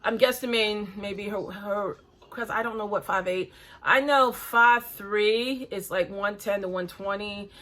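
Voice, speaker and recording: Blunt, breathy woman in her forties. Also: mid-range voice, measured pace, a bit bright. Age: 40s. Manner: blunt, critical, chatty. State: breathing hard. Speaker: reaction video host. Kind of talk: casual reaction commentary.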